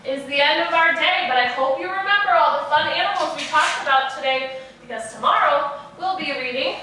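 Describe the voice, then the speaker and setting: A woman teaching preschoolers in a virtual class, speaking in a slow, sing-song, encouraging way. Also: sits high, bright, forceful tone, distant mic, slight background noise. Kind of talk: virtual class for young children. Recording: echoey room, voice off-mic.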